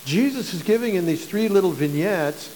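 A man's voice: high-pitched, animated, normal speed, darkish tone, a little hiss or hum. Man preaching in an echoey church. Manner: conversational, repeats words, stammers on restarts. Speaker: pastor. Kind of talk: sermon.

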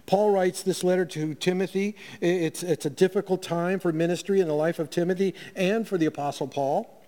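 A man's voice: high voice, fairly even intonation, a little fast, warm tone. A middle-aged male pastor giving a weekly sermon in a conversational way, with fillers and restarts. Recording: long hall reverb.

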